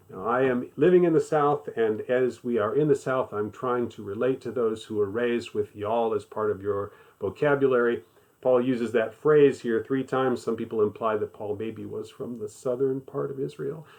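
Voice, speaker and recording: A man leads a Bible study at a steady middle pitch. He talks in a conversational way. He stresses key points by repeating them. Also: normal speed, gravelly. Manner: conversational, emphatic repetition. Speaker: Bible teacher. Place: living in the American South.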